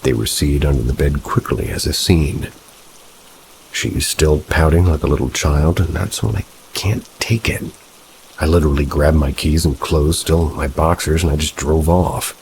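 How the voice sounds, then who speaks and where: A man narrating first-person horror stories in a low, steady, measured reading. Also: creaky. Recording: soft rain noise behind. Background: rain.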